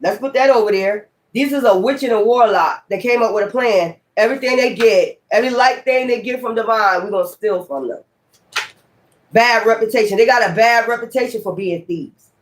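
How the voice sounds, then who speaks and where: A woman's voice: fairly high pitch, fairly quick. A woman giving a tarot reading in a blunt, profane, emphatic way. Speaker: tarot reader.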